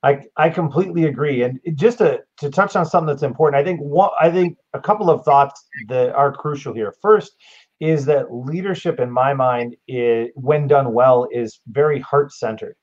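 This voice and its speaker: A man's voice: medium pitch, normal speed, dull audio. A man talking earnestly and reflectively in a casual podcast conversation, laying out his thoughts point by point. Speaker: guest.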